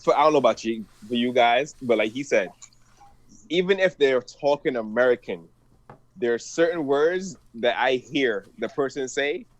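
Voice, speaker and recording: A man's voice: mid-range voice, animated, normal speed, dry recording, low-quality recording. A man with a Bajan accent chatting casually and chiming in with short remarks. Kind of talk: casual podcast chat. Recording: crowd chatter behind.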